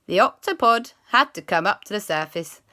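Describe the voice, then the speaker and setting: A woman's voice: medium pitch, expressive, sharp tone. A woman improvising a children's story as its host, chatty and playful. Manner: playful, chatty, with drawn-out hums.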